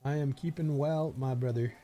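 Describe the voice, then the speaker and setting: A man's voice: medium pitch, steady tone, normal speed, noisy background. A man streaming a game live, chatting casually with viewers, rambling and swearing.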